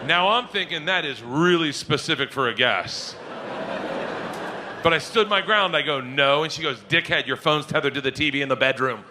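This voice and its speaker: A man doing a stand-up comedy set on a stage, telling a story loudly, shouting punchlines and acting out the other voices. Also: on the high side, moderate pace, heavy background noise. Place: comedy stage before a live audience. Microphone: handheld stage mic.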